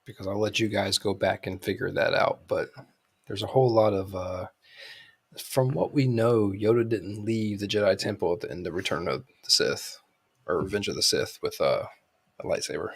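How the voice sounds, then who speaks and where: A man's voice: fairly low pitch, moderate pace, gravelly, husky. A man co-hosting a podcast, talking in a rambling way with many fillers and restarts. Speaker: podcast co-host. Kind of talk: casual chat.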